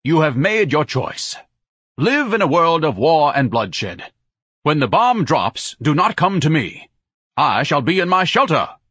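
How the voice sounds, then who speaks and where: A man reading an audiobook and voicing a pompous, oversized man who speaks loud, grandiose oratory. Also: fairly high pitch, sing-song, a little slow, slightly rough, no room sound, clean studio sound, voice pushed up, heavily acted. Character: pompous huge blustering man, grandiloquent and indignant.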